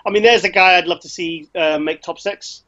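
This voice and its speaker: Male co-host, high-voiced, chatty and excitable, lo-fi sound. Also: brisk. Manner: excitable storytelling, lots of restarts. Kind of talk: casual chat. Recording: slightly dull lo-fi sound.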